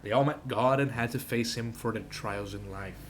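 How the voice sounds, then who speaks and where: Dude reading as a gloomy old-west guy writing his journal, low and brooding. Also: normal speed, a little hiss or hum, lightly acted.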